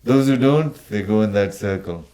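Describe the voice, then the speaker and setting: A man with an Indian accent, a podcast guest talking casually, often pausing and restarting. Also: fairly low pitch, lively intonation, warm tone. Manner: hesitant, many restarts and fillers. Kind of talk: casual conversation.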